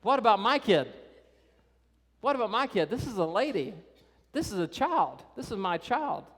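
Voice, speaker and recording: A preacher putting on a desperate father, pitched well up and pushing hard, pleads with urgent exasperation. His voice carries through a long church reverb, rising as the panic takes hold. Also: sing-song, moderate pace, exaggerated voice. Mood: frantic pleading. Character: frantic desperate father, adult man.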